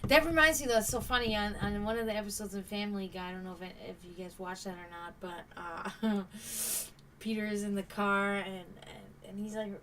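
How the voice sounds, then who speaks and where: A woman's voice: mid-range voice, steady tone, a little fast, bright, forceful tone. A tired woman chatting casually with her live-stream viewers, giggling often and swearing freely. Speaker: live streamer reading chat. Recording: distant mic with faint background noise.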